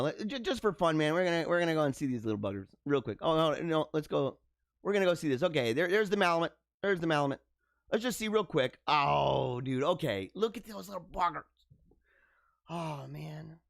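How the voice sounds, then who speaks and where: A man hosting a live stream, chatting casually with viewers in a joking, animated way, laughing often and stumbling over his words. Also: high-pitched, gravelly, dry recording, studio quality. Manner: animated, joking, frequent laughs and stammered restarts.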